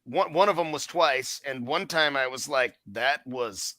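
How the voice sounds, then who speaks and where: A man's voice: on the high side, moderate pace, dry recording. A man telling stories in a casual podcast chat, swearing freely and acting out what he and others said. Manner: profane, animated storyteller who acts out his own quotes.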